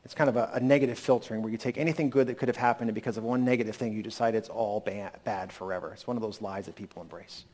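A man's voice: lowish voice, steady tone, rapid-fire, hardly any pauses, a little mellow. A man preaching a sermon in a candid, conversational way, recovering from a lingering cold. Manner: candid, conversational preaching with sudden emphatic rises. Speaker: pastor.

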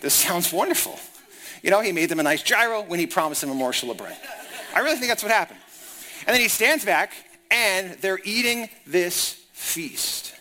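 A man preaching in a lively, conversational way, with a high voice that swings widely in pitch. His tone is bright and forceful as he walks listeners through the story. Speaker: pastor. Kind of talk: sermon.

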